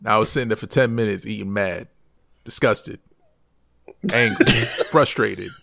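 A man co-hosting a casual podcast, ranting in an animated, comic way. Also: fairly low pitch, unhurried, gravelly. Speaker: podcast co-host.

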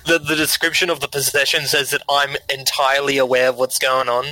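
A man playing a tabletop game over voice chat, talking hesitantly with many pauses. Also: mid-range voice, flat delivery, pushed and bright, rough recording.

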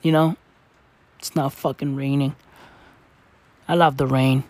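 A woman's voice: very deep voice, steady tone, a little slow, darkish tone, no room sound. A South African woman in her twenties delivering a profane, exasperated rant to camera, swearing and repeating her questions. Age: 20s. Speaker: vlogger. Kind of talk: profane ranting monologue.

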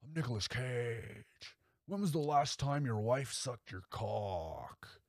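A man impersonating a manic, unhinged male movie villain, with drawn-out breathy "oh"s that break into shrieking panic. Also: medium pitch, lively intonation, dry recording, studio quality. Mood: leering.

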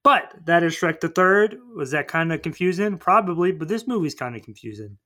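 A man's voice: fairly high pitch, expressive, a little fast, bright, forceful tone. A man casually retelling a movie plot on a podcast, rambling and acting out the characters. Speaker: podcast co-host. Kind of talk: casual movie recap chat.

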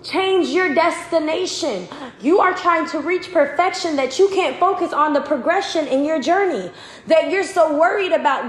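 High-voiced woman preaching emphatically. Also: moderate pace. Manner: emphatic, repetitive, excitable. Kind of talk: testimony sermon. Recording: roomy echo.

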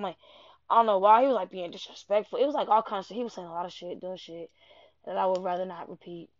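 A young woman telling a rambling, profane personal story in an animated way. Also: mid-range voice, fast, no room sound. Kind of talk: casual personal anecdote. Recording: dull lo-fi dry recording.

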